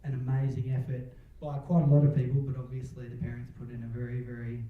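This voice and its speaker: A man's voice: medium pitch, completely flat delivery, fast talker. A man giving a wedding toast, joking and chuckling between lines and telling a story. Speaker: wedding speech giver. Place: wedding reception hall. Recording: distant, roomy, dull-sounding hall.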